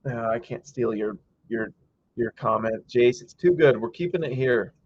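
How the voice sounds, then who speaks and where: A man's voice: medium pitch, moderate pace, slightly rough, dull audio. A man hosting a casual live game-watch stream, chatty and reading viewer comments aloud, breaking into frustrated rants. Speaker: livestream host.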